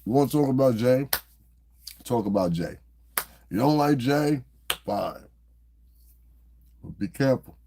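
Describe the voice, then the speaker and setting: A man's voice: medium pitch, expressive, measured pace, pauses often, dark tone, a little hiss or hum. A man hosting a podcast, talking loosely and profanely as a laughing storyteller. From New Jersey. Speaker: podcast host. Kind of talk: casual commentary monologue.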